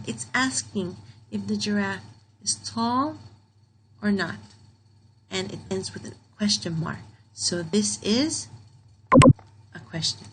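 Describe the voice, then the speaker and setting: Woman as a children's grammar teacher; patient, deliberate, repeats each example, faint noise behind. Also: mid-range voice, a bit bright, low-quality recording.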